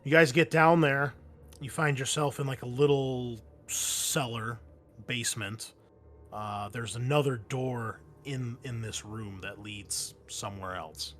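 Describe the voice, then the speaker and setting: A man's voice: mid-range voice, steady tone, unhurried, a bit bright, slight background noise. A man narrating as game master of a tabletop role-playing game, casual, with many fillers and restarts.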